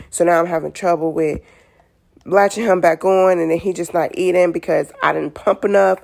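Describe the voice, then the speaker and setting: A new mother talks straight to the camera in a low, gravelly voice with a good deal of fry. She sounds exhausted and speaks candidly and loosely, leaning on "like" and "you know" as she works through her thoughts. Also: little pitch movement, moderate pace, darkish tone. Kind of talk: casual talk to camera.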